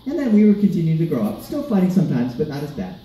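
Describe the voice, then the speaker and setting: A man telling a personal story to children at a live event, animated and asking the audience questions. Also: a little high, fast talker. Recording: roomy, distant mic, light background noise.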